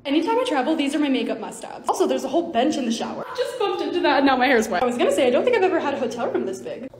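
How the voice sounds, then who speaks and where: A woman's voice: high voice, very animated, very fast. A woman in her twenties narrating a casual lifestyle vlog, bubbly and gushing over cute things. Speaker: lifestyle content creator.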